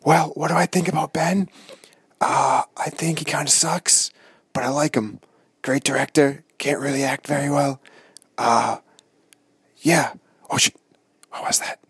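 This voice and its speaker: A man's voice: on the high side, fairly even intonation, measured pace, long pauses, breathy edge, dry recording, heavily acted. A man playing an unhinged Bigfoot hunter hiding out in the woods, whispering and ranting with crude swearing. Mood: rambling crude. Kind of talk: comedy sketch call-in bit.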